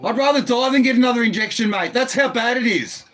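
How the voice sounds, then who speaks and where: A man arguing with police through his door, agitated and pleading, with swearing and bursts of shouting, recorded on his phone indoors. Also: very high voice, fast. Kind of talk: heated argument. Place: indoors behind a closed door.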